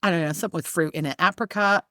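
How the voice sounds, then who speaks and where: A middle-aged woman co-hosting a podcast, telling a story in a casual, animated way, laughing often and acting out the people in it. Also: lowish voice, very fast, dry recording, studio quality. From not from Charleston. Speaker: podcast co-host.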